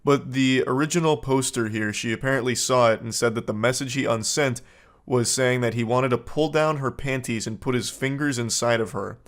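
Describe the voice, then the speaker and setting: Host, male, 30s, dry deadpan delivery, sarcastic comedic commentary, mid pitch. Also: normal speed. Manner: deadpan, sarcastic, with mocking put-on voices for quotes. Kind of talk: comedic commentary reading text messages.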